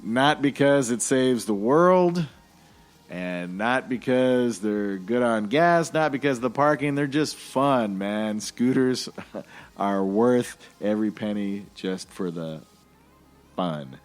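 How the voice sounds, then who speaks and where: Animated male podcast host. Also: mid-range voice, takes it slowly, faint music behind. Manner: animated, jokey, rambling. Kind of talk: casual podcast monologue.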